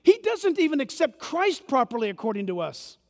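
High-voiced animated male preacher. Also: normal speed. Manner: animated preaching, swings from loud bursts to hushed asides. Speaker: pastor. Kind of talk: sermon. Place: church. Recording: reverberant church hall.

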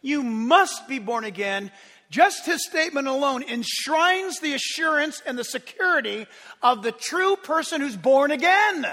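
A man's voice: very high-pitched, bright, forceful tone, long reverb tail. A middle-aged man preaching a sermon as pastor in a church sanctuary, impassioned and emphatic.

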